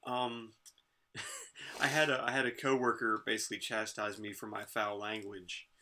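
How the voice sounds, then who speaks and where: A man's voice: on the low side, little pitch movement, normal speed, bright, forceful tone. A man co-hosting a podcast in casual chat, telling rambling stories and laughing often. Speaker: podcast co-host.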